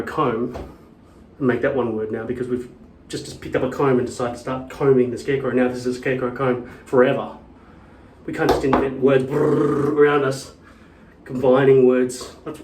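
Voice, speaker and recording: A man's voice: medium pitch, fairly even intonation, fairly quick, darkish tone, slight background noise. Ranting, foul-mouthed man in an echoey room. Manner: rambling, profane and ranting. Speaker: vlogger. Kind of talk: casual chat. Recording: echoey room, mic at a distance.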